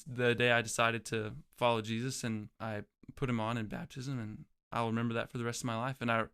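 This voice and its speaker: A man's voice: mid-range voice, flat delivery, fairly quick, a bit bright, smooth. A young man, a guest in an interview, telling his own story in a reflective way and often restarting his phrases. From Oklahoma, USA. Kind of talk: casual personal storytelling.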